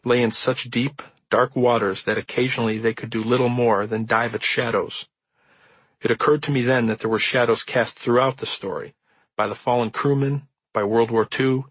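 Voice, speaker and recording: A man reading the introduction to his own nonfiction book as an audiobook, in measured, earnest storytelling. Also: medium pitch, a bit bright, husky, no room sound, poor audio. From Midwestern United States. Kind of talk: audiobook narration.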